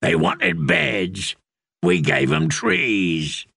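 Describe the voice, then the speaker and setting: A man's voice: fairly low pitch, sing-song, extremely slow, vocal fry, sharp tone, slightly rough, no echo, studio quality, voice pushed down, full character voice. A man voicing a menacing, mocking outlaw in a dog-headed helm in an audiobook. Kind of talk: audiobook character voice.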